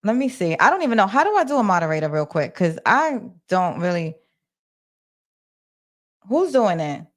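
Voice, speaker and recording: A woman livestreaming, her voice medium in pitch and very animated, moves at a moderate pace broken by long pauses. She recounts things casually and ramblingly, full of fillers, sounding flustered as she juggles the chat.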